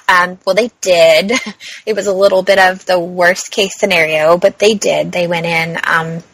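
A woman recounts her story in a loose, chatty way, stringing thoughts together with "like" and "um" and laughing often. Her voice is bright and a little husky. It is recorded close and dry, with no room sound. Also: lowish voice, fairly even intonation, measured pace, dry recording, low-quality recording. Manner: chatty, peppered with "like" and "um"; laughs often while talking. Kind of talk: casual storytelling chat.

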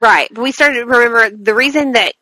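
Bright, chatty podcast co-host woman. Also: fairly high pitch, a little fast, no echo, rough recording. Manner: chatty, laughs at her own slips and trips over words. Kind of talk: casual chat and reading a book blurb aloud.

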